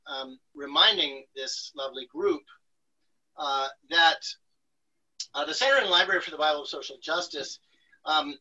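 A man moderating an online gathering in halting, filler-laden academic phrases. His voice is husky yet very bright and sharp, caught by a distant video-call mic. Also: fairly high pitch, lo-fi sound. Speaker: host.

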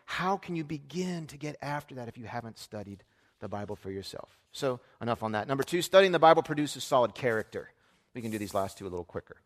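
A man in his thirties preaching a sermon, telling a family story in a conversational way that swings from hushed asides to loud emphasis. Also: mid-range voice, animated, fast. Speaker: pastor. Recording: long hall reverb.

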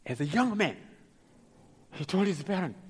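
Husky preacher with a lively voice. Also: male voice, sits high. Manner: dramatic, acts out the people in his stories; halting, repeats words. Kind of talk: sermon storytelling. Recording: long hall reverb.

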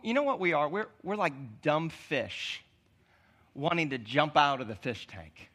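A man preaching a sermon in a conversational way, with restarts, often dropping to a near-quiet, intimate tone. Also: fairly high pitch, sing-song, measured pace.

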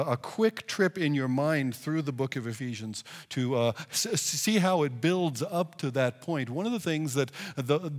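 A man teaching from the Bible, earnest and halting, with many restarts. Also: mid-range voice, in a large hall.

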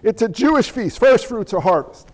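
A man preaching a sermon as pastor in an animated, conversational way with jokey asides. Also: high-pitched, normal speed, in a large hall.

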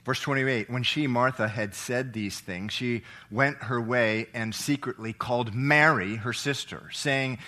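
Bright-voiced man preaching a sermon. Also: mid-range voice, unhurried, hardly any pauses. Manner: swings between loud emphatic preaching and hushed soft reading; asks the congregation questions. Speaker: pastor.

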